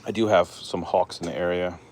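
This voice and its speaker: A man with a very low, deep voice strolls his backyard, talking easily into a handheld phone. He rambles and chats with his hens in a relaxed, unhurried way. Faint outdoor ambience sits underneath. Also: a little hiss or hum. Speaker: backyard chicken keeper, vlogger. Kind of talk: casual walk-and-talk vlog. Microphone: handheld phone camera.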